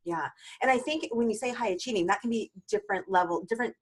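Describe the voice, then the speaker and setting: A woman's voice: on the high side, fast, breathy edge. A woman hosting an interview, chiming in and chatting with her guest. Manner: reactive, chiming in. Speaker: host. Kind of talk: casual chat.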